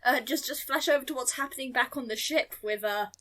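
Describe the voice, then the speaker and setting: A woman's voice: high voice, brisk, pushed and bright. A woman playing in a tabletop role-playing game, hesitant and often repeating her words. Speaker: player.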